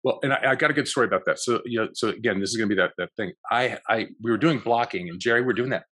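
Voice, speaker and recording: A man's voice: medium pitch, very fast, fairly bright tone, breathy edge. A man, a guest actor, telling rambling backstage stories in an interview, full of restarts and acted-out quotes. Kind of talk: storytelling in a podcast interview.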